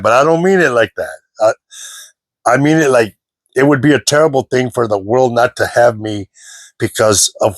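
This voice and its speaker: A man's voice: medium pitch, no echo. An older man gives a rambling, informal motivational talk to the camera, repeating himself and filling gaps with "you know" and "man". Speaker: self-help speaker.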